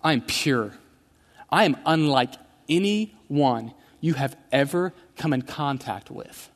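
A man voicing God as a solemn, holy deity who speaks in firm, measured declarations, during a sermon. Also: a little high, animated. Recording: long church hall reverb.

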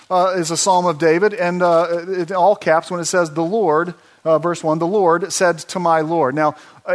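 A man with a fairly high voice preaches through scripture passages. He reads verses aloud, then quizzes the congregation with quick questions. His talk is full of "uh" fillers and restarts. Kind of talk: expository sermon.

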